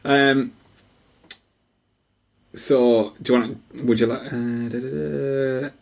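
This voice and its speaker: A man's voice: medium pitch, steady tone, slow pace, vocal fry. A man co-hosting a podcast, chatting casually, telling rambling stories and reading listener emails. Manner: rambling storyteller, laughs at own stories. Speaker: podcast co-host.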